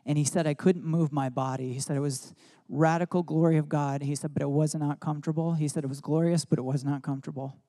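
Guy preaching, laid-back rambly storytelling, lots of "like", mellow slightly high voice. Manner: casual, rambling, many "like" fillers. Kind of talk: sermon storytelling.

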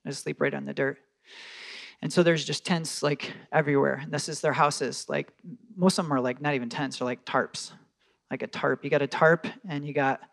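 A man preaching a sermon, telling stories with lively quoted voices and casual fillers. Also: fairly high pitch, creaky. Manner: animated storytelling with quoted voices. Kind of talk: sermon storytelling.

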